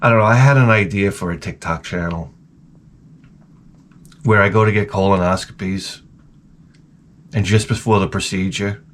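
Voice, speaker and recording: A man's voice: lowish voice, moderate pace, pauses often, a little hiss or hum. Hungover man rambling crudely. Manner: rambling, profane, crude humor. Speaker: vlogger. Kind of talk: casual comedic monologue.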